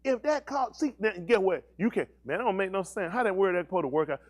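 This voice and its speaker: A man's voice: sits high, quick pace. A male pastor preaching a sermon, asking the congregation questions and teasing them in slang. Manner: animated preaching with call-and-response questions and slang.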